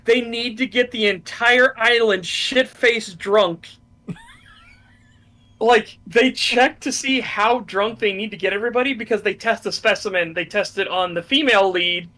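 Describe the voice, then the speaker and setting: A man hosting a casual podcast chat, retelling things in an excited, profane way. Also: high voice, moderate pace. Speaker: streamer host.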